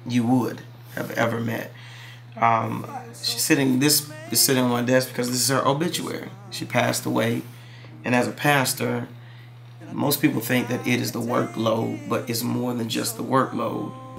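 A man's voice: medium pitch, vocal fry, fairly bright tone. A man who is a pastor and gospel singer, talking candidly to camera in a casual vlog from his church office and laughing often.

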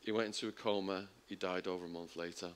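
A man's voice: fairly even intonation, fast, smooth. A middle-aged man telling his story in a talk, acting out the voices of the people in it. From England. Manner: vivid storytelling, acting out the quoted voices with big jumps in pitch and volume. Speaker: speaker at a public talk.

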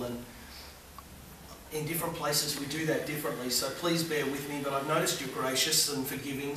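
A man preaching a sermon as a visiting preacher, moving between loud fervent appeals and hushed soft passages. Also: medium pitch, background noise. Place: church hall. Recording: echoey church from far off.

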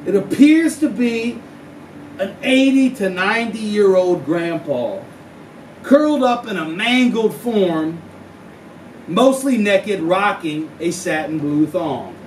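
A man telling a profane tall tale live, in a drawling deadpan manner broken by sudden yelps. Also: high-pitched, slow pace, distant mic. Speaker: storyteller. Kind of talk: live spoken-word storytelling over guitar. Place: live venue. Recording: roomy live recording from off mic. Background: plucked guitar music.

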